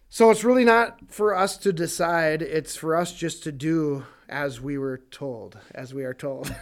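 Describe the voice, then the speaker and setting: A man with a slightly high voice teaches a casual Bible study sermon. His delivery is animated and conversational, and he acts out the quotes.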